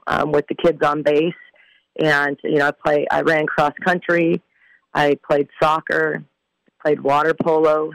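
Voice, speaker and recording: Gravelly-voiced woman interview guest. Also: low-pitched, no room sound, low-quality recording. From San Diego, California. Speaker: interview guest, former softball player. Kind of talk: casual conversational interview.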